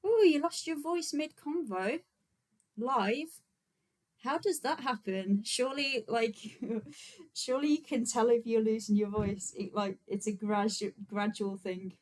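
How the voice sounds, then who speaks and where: Her pitch on the high side and her pace a little slow, a vegan activist chats casually with her livestream audience. She's relaxed and talkative, filling gaps with fillers and frequent small laughs, all captured in poor audio.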